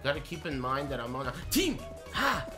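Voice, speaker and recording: A man's voice: medium pitch, sing-song, a little fast. A man in his twenties streaming a game live, swearing and ranting at his chat in mock anger. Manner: profane, mock-angry banter with chat. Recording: game music underneath.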